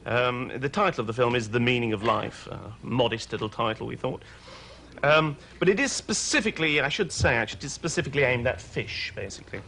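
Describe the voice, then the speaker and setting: A middle-aged man from Wales with an English accent, a talk show guest joking deadpan about absurd things and laughing often. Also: medium pitch, a little fast, a little hiss or hum. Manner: playful, deadpan absurd humour with frequent laughs.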